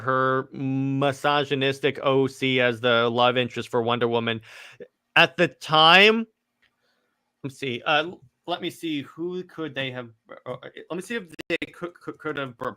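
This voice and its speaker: Bright-voiced man rambling in excited chat. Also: mid-range voice, clean tone. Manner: excited, rambling with frequent restarts and stammers. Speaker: podcast co-host. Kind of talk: casual chat.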